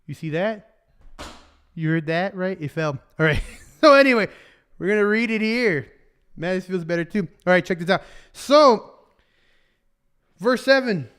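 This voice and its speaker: A man's voice: high voice, animated, a little slow, long pauses, fairly bright tone, clear, resonant tone. A young man preaching casually on a livestream, switching between English and Spanish and joking along the way. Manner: chatty, joking, loose with fillers.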